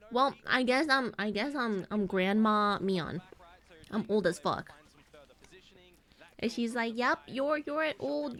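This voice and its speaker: A woman in her twenties, a streamer chatting casually and rambling through a story while acting out her family's lines. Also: mid-range voice. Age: 20s. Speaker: VTuber streamer.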